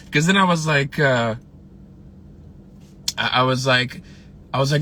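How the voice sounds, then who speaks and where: A man's voice: medium pitch, steady tone, moderate pace, long pauses, sharp tone, a little hiss or hum. A man telling stories about a late colleague in a casual, rambling way, full of fillers and restarts and emotional at times. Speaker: filmmaker recalling a late colleague. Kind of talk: casual livestream storytelling.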